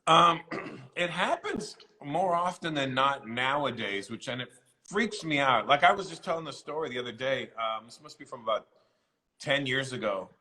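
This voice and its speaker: A middle-aged male comedian with a bright, forward voice, chatting casually in an interview. He tells animated stories and acts out the voices of the people in them. His pitch sits in the middle range for a man. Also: moderate pace, low-quality recording.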